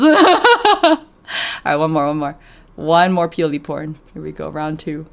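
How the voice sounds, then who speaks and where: A woman's voice: sits low, sing-song, a little slow, vocal fry. Giggly chatty woman streamer. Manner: giggly, chatty, reads chat aloud. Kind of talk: casual live-stream chat.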